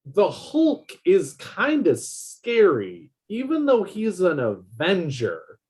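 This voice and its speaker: A male co-host talks slowly in a husky voice that swoops lively up and down. His phrasing is drawn out and animated, set a little high. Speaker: podcast co-host. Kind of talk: casual chat.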